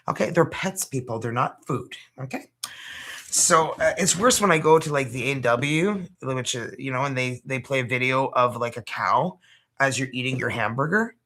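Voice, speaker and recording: A woman's voice: very deep voice, normal speed, a bit bright. A Canadian woman hosting a casual livestream, chatty and loose, swearing and laughing as she talks. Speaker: tarot reader hosting a livestream.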